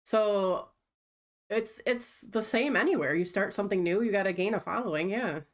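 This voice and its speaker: A woman's voice: medium pitch, moderate pace. A woman chatting casually with a friend on a stream, telling stories in a matter-of-fact way. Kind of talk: casual chat.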